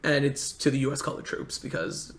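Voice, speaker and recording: A man in casual conversation telling history stories in a halting way, full of restarts. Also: mid-range voice, animated, vocal fry. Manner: rambling, halting history storyteller with many restarts. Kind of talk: casual storytelling chat. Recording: echoey room.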